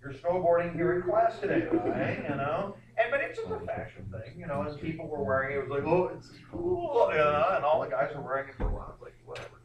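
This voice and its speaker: A man teaching a history class, lecturing in a rambling, animated way with many fillers and restarts. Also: a little high, fast, hardly any pauses, crowd noise. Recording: echoey classroom from far off.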